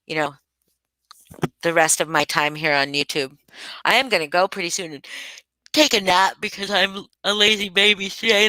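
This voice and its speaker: A woman's voice: sits low, bright, forceful tone, no echo, rough recording. A woman hosting a livestream from home, chatting casually with viewers by name. She is sleepy and yawning, and her talk rambles. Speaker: livestream host.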